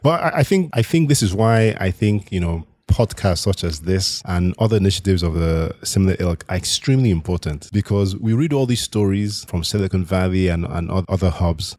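Man, very deep voice, founder in a podcast interview, measured, reflective, restarts sentences, dry close sound. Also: darkish tone, no echo. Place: Nigeria.

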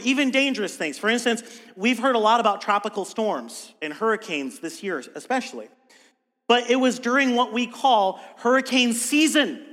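A high-pitched man preaches a sermon, putting weight on key words and posing rhetorical questions. His voice carries a long reverb tail from the hall around him. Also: fairly bright tone. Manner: emphatic, rhetorical questions, slows for stress. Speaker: pastor.

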